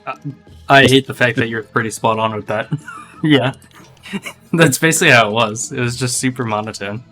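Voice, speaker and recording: Bright-voiced laid-back male game developer. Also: medium pitch, moderate pace, soft background music. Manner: laid-back, laughs easily, slangy. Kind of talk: casual chat on a dev stream.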